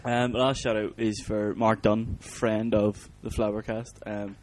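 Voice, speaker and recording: Rambling man, lowish voice. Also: flat delivery, a little slow, a little mellow. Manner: rambling, jokey. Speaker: podcast host. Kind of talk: casual chat.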